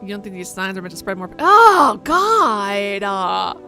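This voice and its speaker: A woman's voice: mid-range voice, very animated, measured pace, sharp tone, faint music behind. A woman streaming horror games live, chatting casually and cussing as she reacts. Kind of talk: live horror gameplay commentary.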